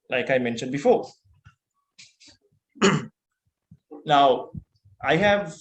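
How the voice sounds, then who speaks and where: A man with a Sri Lankan accent giving a motivational keynote speech, earnest and full of rhetorical questions. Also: a little high. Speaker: keynote speaker. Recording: roomy echo.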